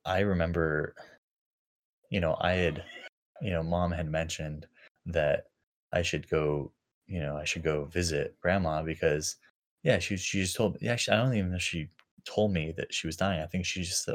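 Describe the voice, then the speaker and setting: Low-voiced man musing haltingly. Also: steady tone. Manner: halting, full of fillers and restarts. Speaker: podcast co-host. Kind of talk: casual reflective chat.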